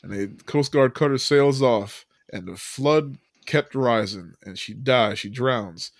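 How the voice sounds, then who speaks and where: A man's voice: medium pitch, takes it slowly, dry recording, clean studio sound. A man hosting a podcast, telling a movie recap in a loose, casual way, full of fillers, with frequent laughs. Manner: loose storyteller, many fillers, laughs often. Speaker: podcast host.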